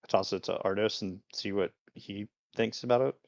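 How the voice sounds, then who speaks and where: Low-voiced man player, dry close sound. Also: fairly even intonation, normal speed, gravelly, no echo, lo-fi sound. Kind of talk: casual tabletop play.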